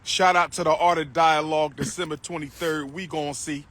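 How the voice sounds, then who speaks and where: A man shouts into his phone on an outdoor livestream, repeating his phrases in a loud, declaiming way. His voice is bright and a bit high. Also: steady tone, normal speed. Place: outdoors on a street.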